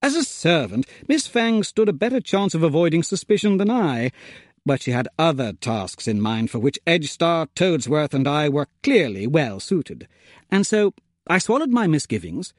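A man narrating a comic adventure in the first person, with plummy, gentlemanly turns of phrase. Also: fairly high pitch, very animated, normal speed, no echo, clean studio sound. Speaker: audiobook narrator.

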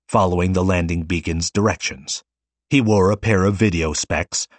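A man narrating a science fiction audiobook in a measured, expressive way. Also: fairly low pitch, no room sound.

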